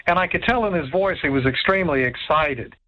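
A man telling a ghost story in an animated way, stammering, repeating words and acting out what others said. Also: fairly high pitch, fairly quick, muffled recording. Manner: stammers and repeats words, acts out quoted voices. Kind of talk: animated spoken anecdote.

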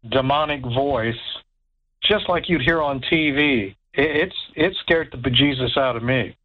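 Man, somewhat high voice, stammering storyteller, muffled radio sound. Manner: stammers and repeats words, acts out quoted voices. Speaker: guest telling a ghost story. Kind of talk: animated spoken anecdote.

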